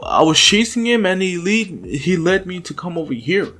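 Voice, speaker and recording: A man voicing a loud, confident adult male superhero in a fan-made story. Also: high-pitched, sing-song, normal speed, pitched above the performer's own voice, full character voice. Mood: hearty.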